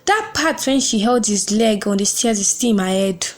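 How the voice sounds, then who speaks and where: A woman's voice: medium pitch, expressive, moderate pace, faint music behind. A young woman hosting a podcast, giving a casual and emotional book review, gushing over the story.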